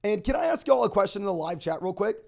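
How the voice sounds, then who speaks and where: A young man hosting a live stream, answering viewer questions in a rapid, auctioneer-like delivery. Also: high voice, sing-song, creaky, a little mellow. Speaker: fantasy football host.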